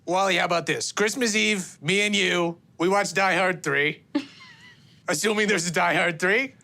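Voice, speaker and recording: A man improvising in character at a tabletop game, excitable and swearing, laughing through his lines. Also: high-pitched, a little slow.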